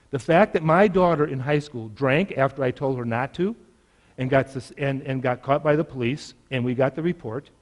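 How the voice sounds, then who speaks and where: A man's voice: medium pitch, a little mellow, in a large hall. A middle-aged man presenting at a parenting workshop, explaining ideas in a reflective way. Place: large conference room.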